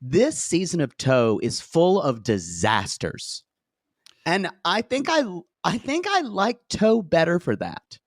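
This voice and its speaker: Lively, gossipy male podcast co-host. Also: on the high side, takes it slowly, dry recording, studio quality. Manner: animated, giggly, gossipy. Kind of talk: casual chat.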